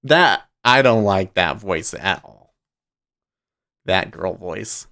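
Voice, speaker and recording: A man's voice: low voice, expressive, bright, forceful tone. A man hosting a livestream in casual chat, rambling and breaking off mid-sentence, often laughing. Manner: rambling, self-interrupting, quick to laugh. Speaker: livestream host.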